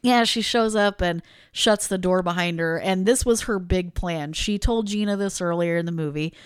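A woman's voice: fairly low pitch, normal speed, smooth, no echo, studio quality. A woman co-hosting a podcast, recapping a film in casual chat and acting out the characters' lines as she tells it. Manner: animated storytelling, acting out quoted lines. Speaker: podcast co-host.

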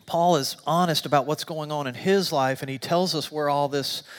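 A middle-aged male pastor delivers a sermon in a church sanctuary, his slightly high voice trailing a long reverb through the room. He speaks at a normal pace with a clean tone, telling stories full of animated, self-deprecating humor and sinking quiet and low during confessional passages.

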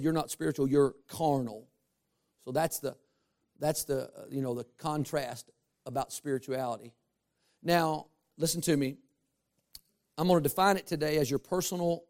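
A male pastor preaching a sermon, animated and humorous, with asides to the congregation. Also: fairly high pitch.

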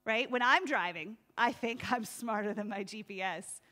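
A woman delivers a sermon with a high, bright voice. She talks in a lively, conversational way, laughs easily and acts out the voices in her stories. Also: normal speed. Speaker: preacher.

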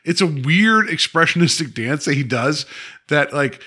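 A man co-hosting a podcast, talking about movies in an animated way, laughing often and breaking off mid-sentence. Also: on the high side, normal speed, slightly rough. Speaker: podcast co-host. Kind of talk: casual movie chat.

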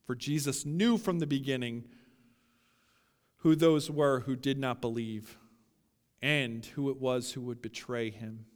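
A man's voice: medium pitch, unhurried, pauses often. Man preaching in an echoing hall. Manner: emphatic, building to loud peaks, addresses listeners as guys. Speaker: pastor. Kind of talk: sermon.

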